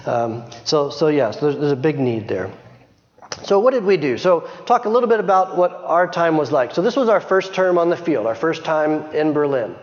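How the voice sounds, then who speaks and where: Talking at a moderate pace, a middle-aged man gives a relaxed missionary report to a congregation, restarting sentences frequently and laughing lightly. His pitch is slightly high for a man, and the sound is muffled with long hall echo.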